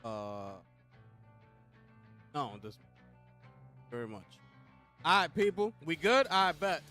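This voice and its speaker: A man's voice: a little high, very animated, takes it slowly, pushed and bright. A young man, hosting a casual livestream. He hypes up his chat and calls out to them with repeated slang. Faint music plays behind him. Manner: hyped, talks straight to chat with repeated slang call-outs. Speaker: livestream host. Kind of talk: casual live co-stream chat.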